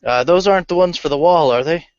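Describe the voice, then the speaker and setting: A man playing a tabletop game, speaking calmly with some hesitation. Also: a little high, fast talker, gravelly, smooth, dry recording, highs cut off. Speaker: player. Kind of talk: casual tabletop game play.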